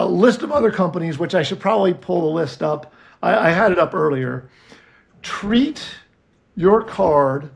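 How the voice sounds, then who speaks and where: Male co-host, high gravelly voice, animated storyteller. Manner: animated, acts out both sides of phone calls. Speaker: podcast co-host. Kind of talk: casual storytelling chat.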